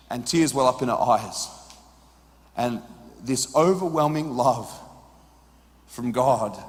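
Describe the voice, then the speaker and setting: A man preaching a sermon, telling an emotional story that swings from hushed tones to shouts. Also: medium pitch, lively intonation, takes it slowly, long pauses, big-room sound.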